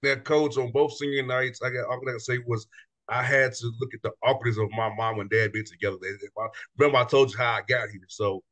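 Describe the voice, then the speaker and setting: A man's voice: mid-range voice, steady tone, fast, a bit bright. A man hosting a casual interview show, loose and chatty, laughing easily between his words. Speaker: show host.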